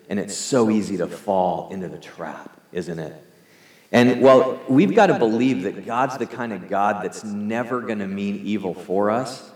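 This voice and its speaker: A man's voice: on the low side, darkish tone. A man preaching a sermon to his congregation in a conversational, earnest way, leading them in prayer. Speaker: pastor. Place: church hall. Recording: echoey hall reverb.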